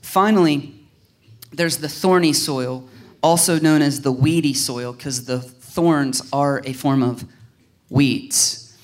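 A man's voice: a little high, slow. A male pastor from Southern Ohio preaching a sermon in a casual, conversational way, acting out little dialogues. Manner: animated, acts out little dialogues in voices.

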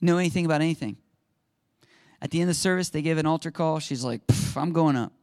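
A male pastor preaching a sermon and telling stories in an animated, conversational way. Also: a little high, fast talker, clean tone, no echo, studio quality, soft background music. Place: church sanctuary.

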